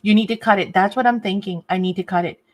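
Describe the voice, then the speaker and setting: A woman talks casually through a crafting livestream, her pitch sitting in the middle of the range. She chats with viewers as she works, fussing now and then over a sore nail. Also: quick pace. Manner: chatty, reads viewer comments, fusses over a sore torn nail. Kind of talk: casual live chat while crafting.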